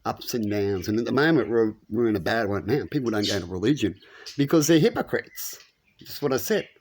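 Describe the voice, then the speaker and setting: A man giving a rambling, preachy spiritual monologue, his voice climbing when he makes a point. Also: fairly quick. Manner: animated, preachy, rises in pitch when making points. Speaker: spiritual commentator.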